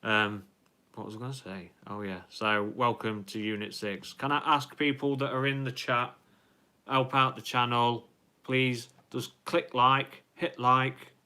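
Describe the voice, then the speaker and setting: A man's voice: medium pitch, steady tone, a little slow, sharp tone, clear, resonant tone. A young man hosting a casual live stream, reading out viewer comments in a rambling way with many ums and restarts.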